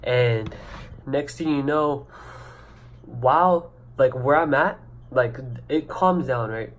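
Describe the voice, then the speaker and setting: A young man telling a story to camera in a casual, excited, rambling way, full of "like" and "you know", recorded on a camera mic indoors. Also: medium pitch, slow, a little hiss or hum. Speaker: vlogger.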